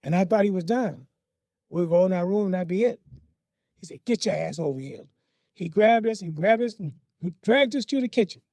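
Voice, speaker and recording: A man's voice: sits high, no room sound, studio quality. A man telling a personal story from his childhood in a vivid, dramatic way. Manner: animated, vivid, dramatic pauses.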